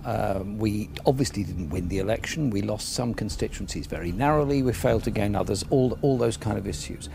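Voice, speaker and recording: A male politician from the United Kingdom answering interview questions in a measured, argumentative way. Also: lowish voice, vocal fry, noisy background.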